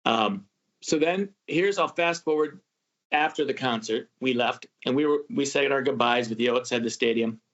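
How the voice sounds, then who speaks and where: A man hosting a travel podcast, telling a story in a casual, animated way and acting out what people said. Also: medium pitch, normal speed. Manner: animated, acts out quoted voices. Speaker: podcast host. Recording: muffled lo-fi audio.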